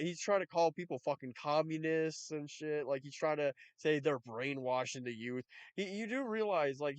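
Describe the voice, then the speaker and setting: A man's voice: fairly high pitch, dry recording. A man giving reaction commentary, talking in a profane, mocking and exasperated way. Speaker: YouTube commentator.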